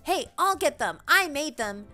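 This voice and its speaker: A woman's voice: high-pitched, big pitch swings, measured pace, bright, forceful tone, soft background music, voice pushed up, full character voice. A woman voicing a sour, snappy teenage schoolgirl in a game.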